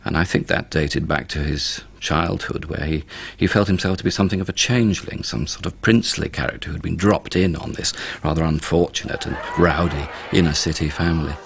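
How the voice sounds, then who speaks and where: A man narrating a documentary in a measured, considered way. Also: extremely low pitch, creaky, breathy edge, no echo.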